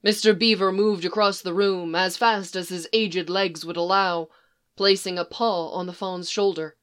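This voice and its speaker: A woman narrating a storybook in a measured, expressive way. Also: lowish voice, clean tone. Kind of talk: storybook reading.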